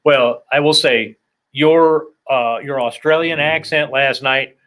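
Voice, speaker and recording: A man's voice: mid-range voice, fairly even intonation, slow, a bit bright. A man hosting a casual comedy interview, rambling with self-deprecating jokes and asides. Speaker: podcast host.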